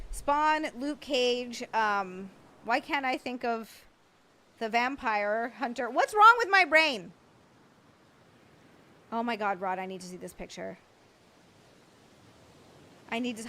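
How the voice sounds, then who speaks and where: A woman with a somewhat high voice chats casually on her livestream, greeting viewers by name and answering their comments. She is excitable and laughs easily. She talks loosely and off the cuff. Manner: excitable, chatty, quick to laugh. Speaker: livestream host.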